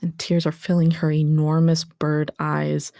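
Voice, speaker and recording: Sex: woman. Role: game master. Style: descriptive tabletop narration. Pitch: lowish. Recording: dry and close. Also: level tone, a little slow, vocal fry, dark tone, no echo. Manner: vivid descriptive narration, calling for dice checks.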